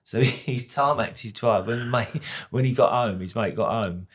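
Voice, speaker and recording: A man hosting a podcast, chatting casually in a relaxed, laid-back way. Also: medium pitch, normal speed, breathy edge. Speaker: podcast host. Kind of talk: casual chat.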